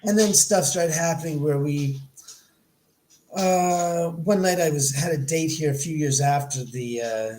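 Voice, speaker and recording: A middle-aged man from Los Angeles, a guest on a podcast, tells a story with lively swings in his voice and slips into the voices of the people he quotes. His voice sits a little high for a man, and the room around him is echoey. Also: measured pace, a little hiss or hum. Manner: animated, acts out quoted dialogue. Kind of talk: storytelling in an interview.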